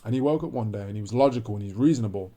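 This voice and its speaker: A man's voice: fairly low pitch, very fast, dark tone. A man ranting to camera in a preachy monologue, repeating his points with emphasis. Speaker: vlogger.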